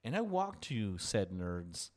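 A man's voice: lowish voice, very animated, takes it slowly, a little mellow. A man telling a story in casual chat, rambling and restarting, laughing often.

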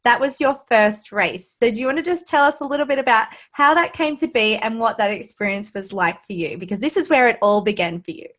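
A woman hosting a podcast interview, talking warmly and emotionally with many fillers. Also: on the high side, a little fast, few pauses. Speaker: podcast host. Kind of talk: casual interview chat.

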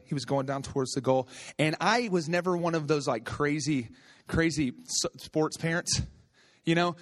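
A middle-aged man preaching a sermon as a pastor, telling stories in a conversational way and building to animated, excited peaks. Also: sits high. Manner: conversational storytelling with repetitions.

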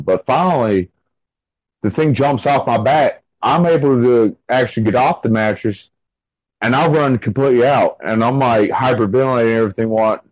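A man's voice: mid-range voice, darkish tone, dry recording, rough recording. Man telling a rambling story, dry sound. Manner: rambling, frequent "like" fillers and restarts. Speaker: interview guest. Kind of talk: casual storytelling.

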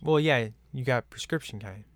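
A man's voice: mid-range voice, normal speed, dry recording. Laid-back man rambling over a film. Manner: relaxed, rambling, laughs often. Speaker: movie commentary viewer. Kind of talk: casual commentary chat.

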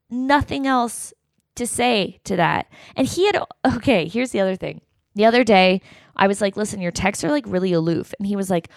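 A podcast host with a fairly high, expressive voice and some vocal fry speaks fairly quickly in a solo rant. Emotional and exasperated, she swears while recounting a fight. The recording is dry and studio quality.

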